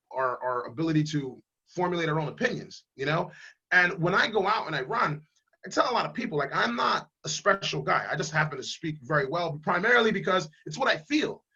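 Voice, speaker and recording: A political candidate speaks in a high, bright and slightly husky voice. He talks emphatically and bluntly, pushing his points with fiery conviction. The sound is dull and lo-fi, as on a video call. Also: expressive, fairly quick. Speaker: congressional candidate. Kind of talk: casual interview over video call.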